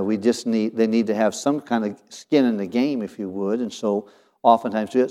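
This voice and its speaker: A man's voice: on the low side, mellow. A middle-aged male pastor talking casually about counseling, with folksy, homespun sayings and frequent restarts.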